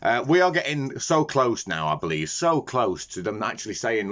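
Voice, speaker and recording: A man's voice: medium pitch, very animated, moderate pace, few pauses, fairly bright tone. Rambling man vlogging. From Yorkshire. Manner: rambling, laughing and swearing freely. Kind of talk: casual chat to camera. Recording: muffled lo-fi sound.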